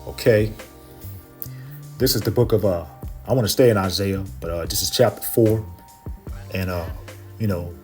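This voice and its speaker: A man preaching and teaching from scripture, filling his talk with "okay" and "you know" and reading verses slowly and with more force. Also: low-pitched, soft background music. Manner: reads verses slowly and louder.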